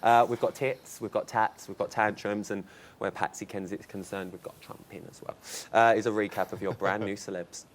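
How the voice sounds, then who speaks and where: A man's voice: lowish voice, fairly even intonation, normal speed, a little hiss or hum. A man hosting a panel show, teasing his guests with laughing banter. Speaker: host. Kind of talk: live panel show chat.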